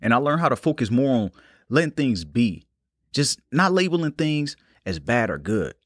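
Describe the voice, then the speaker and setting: A young man hosting a solo podcast, talking in a calm, unhurried, reflective way. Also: medium pitch, no echo, studio quality. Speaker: podcast host. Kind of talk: casual solo podcast talk.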